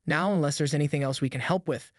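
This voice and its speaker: A synthetic male narrator voice speaking as a calm, professional police sergeant who stays firm but polite. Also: a little high, fast talker, no echo, studio quality, lightly acted. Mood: composed.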